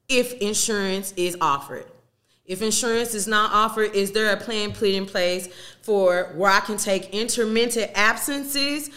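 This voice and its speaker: A young woman talks straight to her listeners in a casual, emphatic style, sprinkling in slang and the odd curse. Her voice is bright and forward, and her pitch sits in the middle for a woman. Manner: candid, emphatic, uses slang and swearing. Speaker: podcast host.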